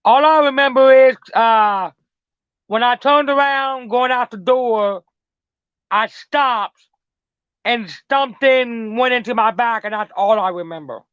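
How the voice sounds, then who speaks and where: A woman's voice: a little high, measured pace, clear, resonant tone, dry recording. A middle-aged woman telling a story as an interview guest in a casual, rambling, repetitive way, swearing freely. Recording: dull lo-fi dry recording.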